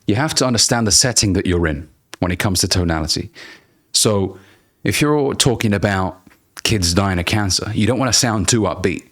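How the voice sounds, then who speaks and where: Deliberate, emphatic male speaking coach. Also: fairly low pitch, fairly bright tone. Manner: deliberate, emphatic, slows down to stress key words; blunt, casual, occasional swearing. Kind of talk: direct-to-camera coaching lesson.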